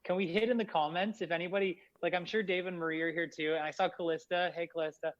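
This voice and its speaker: A man's voice: high voice, steady tone, quick pace. Hyped man rambling on a lo-fi podcast. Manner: rambling, hyped, many fillers. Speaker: podcast host. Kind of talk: casual chat. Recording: dull lo-fi audio.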